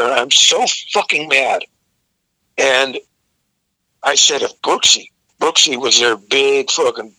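Profane, bright-voiced older man telling road stories. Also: mid-range voice, dry recording, low-quality recording. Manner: profane, vivid storyteller who acts out the people in his story. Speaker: guest vocalist. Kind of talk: storytelling in a casual interview.

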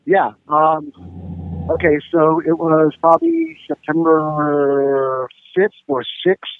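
This guest, a rock musician, talks slowly in a fairly high voice during a casual interview. His stories wander, swear freely and lean on fillers, all captured dry over thin phone-line audio.

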